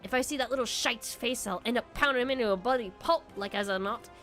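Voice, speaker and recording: A woman's voice: a little high, quick pace, a bit bright, faint music behind, lightly acted. A woman voicing a menacing male thug from a video game, reading his threats in a coarse, clipped voice. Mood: threatening.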